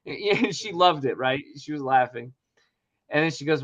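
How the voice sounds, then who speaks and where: A man's voice: fairly high pitch, very animated, measured pace, fairly bright tone. A middle-aged man hosting a casual talk show, telling a story animatedly, acting out dialogue and swearing often. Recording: dull lo-fi sound.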